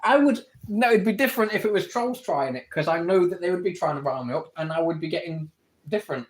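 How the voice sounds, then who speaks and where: A man with an English accent on a live stream, arguing his points to viewers and answering their comments. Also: a little high. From England. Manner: argumentative, rapid back-and-forth rebuttals; reads viewer comments aloud and answers them. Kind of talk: live-stream debate with chat.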